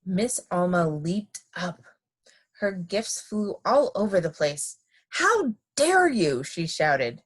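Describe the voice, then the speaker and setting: A woman reading a children's picture book aloud in an expressive, lively manner. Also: lowish voice, slow. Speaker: storybook reader.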